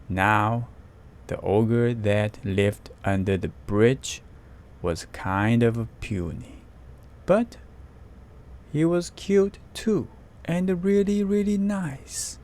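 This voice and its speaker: A man reading a picture book aloud slowly and carefully, with spoken sound effects. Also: medium pitch, darkish tone. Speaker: storyteller.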